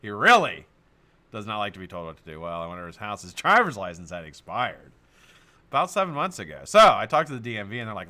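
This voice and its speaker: A man's voice: lowish voice, fast. A middle-aged man hosting a live stream, telling stories casually to his chat, swearing freely and laughing often. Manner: animated, profane, laughs often.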